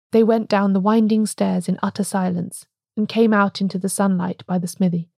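A woman hosting a podcast, reading a classic detective story aloud in a measured, unhurried storytelling manner. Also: medium pitch, level tone, vocal fry, warm tone, no echo, clean studio sound. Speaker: podcast host and narrator.

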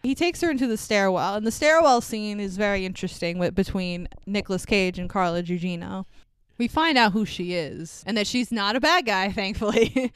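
A woman casually recapping a movie, swearing freely and acting out the characters' lines with lively energy. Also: mid-range voice, moderate pace, clear, resonant tone, no room sound. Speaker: podcast co-host.

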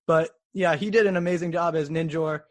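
A man's voice: fairly high pitch, steady tone, brisk. A man interviewing a guest in casual chat, eager and enthusiastic, often restarting his sentences. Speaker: interviewer, fan host.

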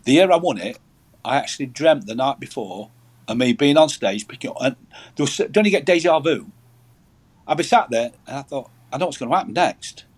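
A man's voice: medium pitch, expressive, fairly quick, breathy edge. A man, telling rambling stories as a guest in a casual chat, often repeating words. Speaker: guest angler.

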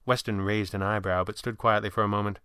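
A man narrating an audiobook in an even, measured storytelling manner. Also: on the low side, clean tone, dry recording, clean studio sound.

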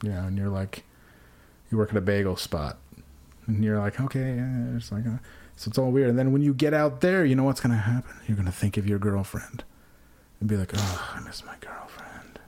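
A man's voice: lowish voice, fairly quick, mellow. Rambling profane man riffing. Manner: rambling, acts out dialogue in sudden voices. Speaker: podcast co-host. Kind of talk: profane comedic banter.

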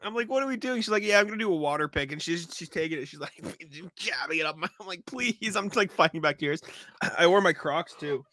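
A man's voice: a little high, brisk, sharp tone. A young man co-hosting a podcast, chatting casually and laughing often as he tells stories. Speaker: podcast co-host. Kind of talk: casual chat.

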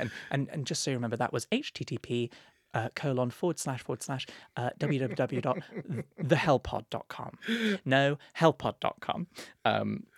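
A man's voice: medium pitch, vocal fry, a bit bright, dry recording, clean studio sound. A young man co-hosting a podcast, reading listener letters in a camp, playful way. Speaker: podcast co-host.

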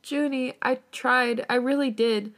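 A frightened, tearful young woman pleads, as a woman reads her part. The voice rides higher than a plain speaking voice, in a storybook podcast. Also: fairly quick, close to an everyday voice. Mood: pleading.

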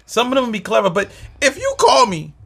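A man's voice: very high-pitched, wildly swooping pitch, brisk, gravelly, bright, forceful tone, slight background noise. A man co-hosting a casual podcast chat, laid-back and slangy, with lots of filler words. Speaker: co-host.

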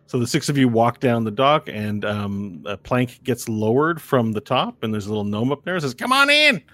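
A man's voice: medium pitch, moderate pace, no echo. A man narrating a tabletop game as game master, in a loose, rambling way with fillers and sound effects.

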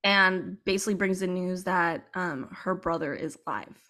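A woman co-hosting a podcast who gushes excitedly in casual chat and breaks into squeals. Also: on the low side, moderate pace. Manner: gushing, excitable, bursts into squeals. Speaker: podcast co-host.

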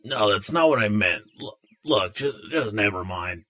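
A man's voice: fairly low pitch, expressive, moderate pace, bright, forceful tone. An actor voicing a grumpy male robot who speaks grudgingly and sarcastically.

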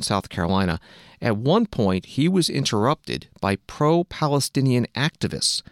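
A male news anchor reading scripted news narration in a measured, neutral way. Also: on the low side, no echo, studio quality.

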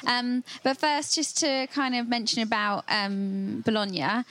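A woman's voice: on the high side, unhurried, fairly bright tone, a little hiss or hum. A woman chatting as a podcast guest, talking in a chatty way with lots of fillers and giggles. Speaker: magazine web assistant, guest. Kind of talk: casual podcast chat.

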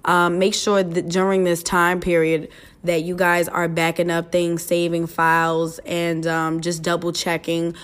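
A young woman hosts her podcast in a casual, rambling chat, cursing freely and tripping over her words. Her voice sits a little low for a woman. She laughs at herself as she goes. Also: completely flat delivery, unhurried, clean tone. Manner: chatty and loose, swears freely, fillers and restarts, laughs at herself. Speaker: podcast host.

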